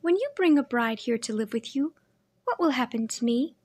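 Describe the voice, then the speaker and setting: A timid young woman with a soft, wondering, childlike way of asking things, played by a woman reading aloud. The voice sits high and lifts at the end of each question. It sounds like a storybook audiobook. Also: expressive, moderate pace, no room sound. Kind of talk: audiobook character voice.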